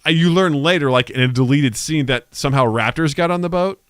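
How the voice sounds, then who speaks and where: A man co-hosting a podcast in casual chat, telling stories in an animated way full of "like" and retold dialogue. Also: a little high, fairly quick, clean tone, no echo, studio quality. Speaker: podcast co-host.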